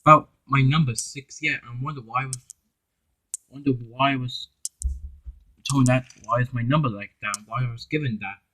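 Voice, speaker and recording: A man's voice: medium pitch, normal speed, long pauses, bright, forceful tone, poor audio. A man doing a cheerful little engine. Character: cheerful, modest small male engine.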